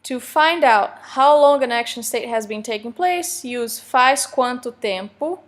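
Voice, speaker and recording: Woman teaching, high-pitched voice. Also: fairly bright tone. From Brazil. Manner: explanatory, joking asides, reads examples slowly. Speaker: Portuguese teacher. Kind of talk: recorded online lecture.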